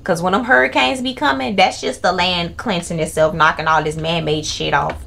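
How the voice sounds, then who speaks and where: A woman streaming a horror game, reacting loudly with constant swearing. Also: lowish voice, fairly even intonation, normal speed, gravelly. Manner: loud, profane, swearing reactions. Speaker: gaming streamer. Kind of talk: horror gameplay commentary.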